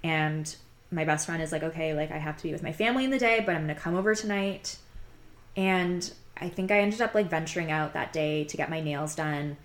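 Young woman, low voice, rambling confessional storyteller, very candid, lots of fillers. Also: brisk. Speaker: podcast host telling her own story.

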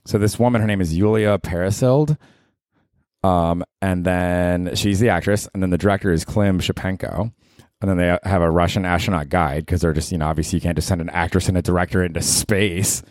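A man's voice: low-pitched, steady tone, a little fast, a little mellow, dry recording, studio quality. A man hosting a casual comedy podcast on his own, talking in a sarcastic, profane and rambling way. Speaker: podcast host.

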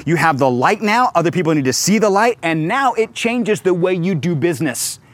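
Animated middle-aged pastor preaching. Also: male voice, high voice, normal speed, dry recording. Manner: animated storytelling with acted quotes. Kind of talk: sermon.

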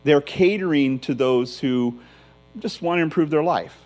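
A middle-aged male pastor preaching a sermon in a conversational, emphatic way, with a low hum behind him. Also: unhurried, a little mellow, low-quality recording.

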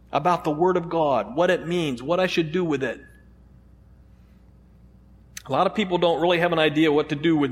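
A male pastor with a high voice delivers a sermon in a hall full of reverb. His preaching is conversational and peppered with rhetorical questions.

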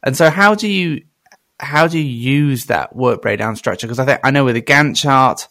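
Gravelly man hosting a podcast. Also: medium pitch, normal speed, sharp tone, no room sound. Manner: musing, hesitant, thinking aloud. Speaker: podcast host. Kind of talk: casual podcast conversation.

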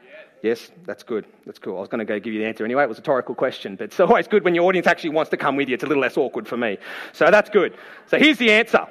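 A man preaching a sermon, telling the story in a lively, playful way and acting out the people in it. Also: mid-range voice, very fast. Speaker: pastor.

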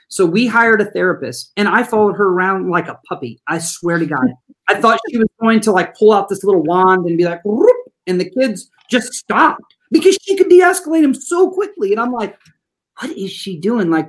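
An animated school staffer tells classroom stories in an interview. The delivery is folksy and chatty, with listeners addressed as "y'all". The pitch sits in a middle range. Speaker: school trauma-informed support staff. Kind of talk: storytelling in an interview.

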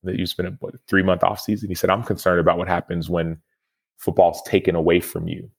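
This podcast guest, a man in his thirties who once played football, gives an earnest, reflective storytelling answer in an interview. His voice is notably low and creaky, his delivery flat and a little fast.

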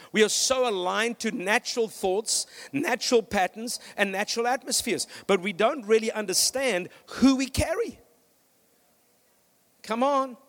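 A male pastor preaching a sermon with energy, telling stories and calling out to the congregation. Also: high-pitched. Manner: energetic, with storytelling and "come on" calls to the congregation.

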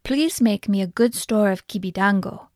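A brave, courteous young hero from a folk tale, voiced by a female storyteller. He speaks out boldly yet politely, with a steady, determined push. The sound is dry and near. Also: mid-range voice, moderate pace, no echo, lightly acted.

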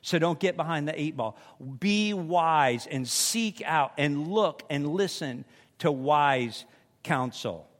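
A man with a high voice preaches a sermon in a church sanctuary. He is animated and slips into the voices of the people in his examples. His voice rings out with a long hall reverb. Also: slow pace.

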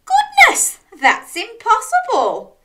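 A woman voicing a kind, timid male dog who dreams of the seaside, in a high, eager voice. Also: huge pitch swings, drawn-out words, very noisy, full character voice.

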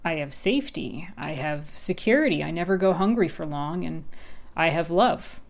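A woman voicing a wary, aloof male house cat in a dry, measured way. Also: low voice, expressive, gravelly. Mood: wry.

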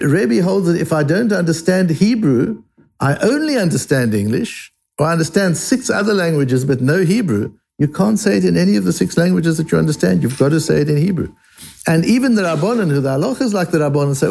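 Gravelly man teaching a Talmud lesson. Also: on the high side, lively intonation, a little fast, a little mellow. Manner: explains by asking and answering questions.

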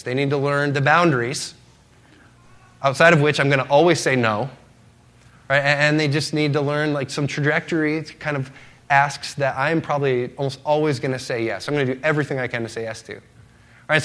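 A man's voice: medium pitch, a bit bright. A middle-aged man preaching as a pastor in a casual, conversational sermon, acting out short quoted exchanges and asking "right?" often. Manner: conversational, acts out quoted voices of his daughters and himself, frequent "right?".

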